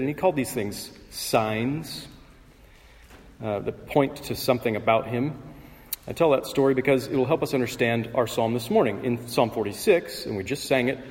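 A male pastor giving a sermon in a measured, conversational way, pausing with fillers and clearing his throat. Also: medium pitch, a little mellow. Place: church sanctuary. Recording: long reverb of a church hall.

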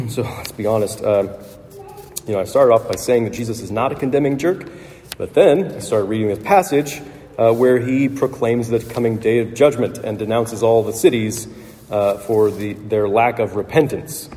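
A man delivers a sermon in an earnest, reflective way, pausing and restarting as he thinks aloud. His voice is mellow and darkly toned. The sound rings with the long reverb of a church hall. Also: mid-range voice. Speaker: pastor.

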